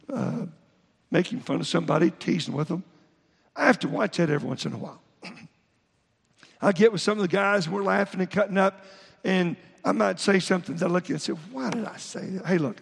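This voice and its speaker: Husky high-voiced preacher in a hall. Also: male voice, lively intonation. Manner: preaching with scripture readings and halting restarts. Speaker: pastor. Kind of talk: sermon.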